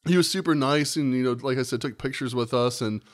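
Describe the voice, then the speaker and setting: A man's voice: mid-range voice, fast talker. Podcast co-host, male, casual storyteller, swears freely, acts out dialogue. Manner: rambling, profane, acts out quotes.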